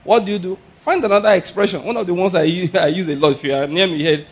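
A man preaching a sermon in an animated, laughing way, often acting out exclamations. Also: sits high, fast, few pauses, slightly rough. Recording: dull lo-fi sound.

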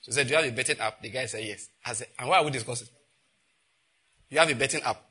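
A middle-aged Nigerian man preaching a sermon, telling stories and acting out conversations in an animated way. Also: very fast, breathy edge. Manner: animated storytelling, acts out exchanges with rising pitch and laughter. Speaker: pastor.

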